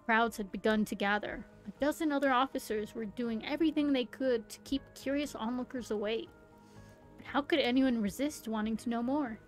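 A woman's voice: a little high, moderate pace, rough recording. A young woman streamer reading a game's story aloud in a theatrical style, breaking off now and then for amused asides. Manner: theatrical narration broken by giggly asides. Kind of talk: dramatic read-aloud with asides. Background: faint background music.

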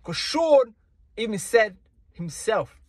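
A man's voice: high-pitched, big pitch swings, slow, a little hiss or hum. A man giving a casual, indignant boxing rant, full of slang and repeating himself. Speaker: boxing commentator. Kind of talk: casual ranting commentary.

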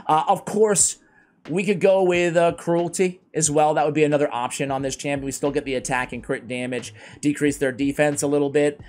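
Chatty man breaking down game stats. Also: fairly high pitch. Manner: chatty, self-deprecating, rambling asides. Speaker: game guide creator. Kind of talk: casual game commentary.

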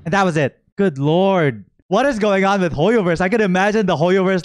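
A young man from the Philippines reacting live to a game stream, exclaiming, shouting and swearing as his voice cracks. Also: high-pitched, normal speed, hardly any pauses, soft background music. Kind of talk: excited live reaction commentary.

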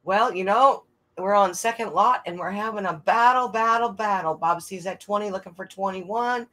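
A woman's voice: medium pitch, moderate pace, bright, forceful tone, rough recording. A woman calling a live online coin auction, chatting and laughing between bids. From American South. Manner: chatty, laughs often, sings made-up bits.

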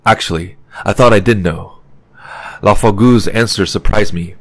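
A man narrating an audiobook in an even, measured way. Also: lowish voice, no room sound.

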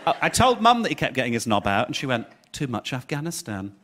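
A man doing stand-up on stage into a microphone, his voice bouncing up and down with camp, chatty energy. He slips into little impressions for the punchlines. Audience laughter rolls clearly through the live recording. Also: mid-range voice, big pitch swings, rapid-fire, very noisy. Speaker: stand-up comedian. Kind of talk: stand-up comedy set.

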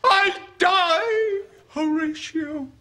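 A man's voice: very high-pitched, extremely slow, bright, forceful tone, heavily acted. An actor in a sitcom clip playing a man who hams up a dying tragic prince with overblown declaiming. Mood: melodramatic. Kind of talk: sitcom clip, stagey Shakespeare recital.

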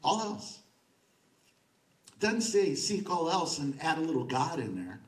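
A male pastor delivers a sermon in a conversational but emphatic manner, often repeating a word for stress. His voice sits high for a man. He was recorded from a distance in a church sanctuary with plenty of echo. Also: very animated, measured pace.

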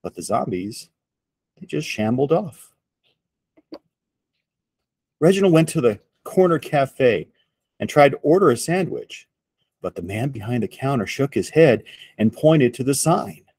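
A man reading a picture book aloud to children in an expressive storytelling voice. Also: medium pitch, slightly rough, no echo. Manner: slow, expressive read-aloud.

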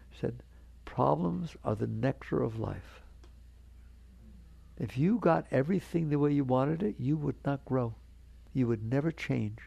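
A man's voice: medium pitch, creaky, mellow, slightly rough, no echo. A man giving a spiritual talk to an audience, earnest and conversational, coaxing his listeners along. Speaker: spiritual teacher.

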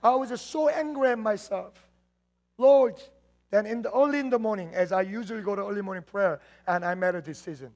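A man from southern Korea with a southern Korean accent, a native Korean speaker, preaching a sermon as pastor in an earnest storytelling manner that moves between loud and hushed. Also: high voice, fast talker, few pauses.

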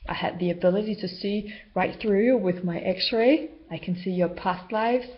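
A woman's voice: medium pitch, normal speed. Rambling woman on dull lo-fi video. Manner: rambling, loosely structured. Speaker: spiritual healer vlogger. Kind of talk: unscripted talk to camera. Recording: dull lo-fi home video sound.

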